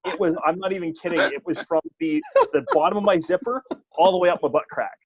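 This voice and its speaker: This man's voice sits high and he talks fast, with a slightly rough edge. He's a wrestling referee telling a funny, self-deprecating story in casual podcast chat, animated as he pokes fun at himself. The dry podcast audio sounds dull and lo-fi.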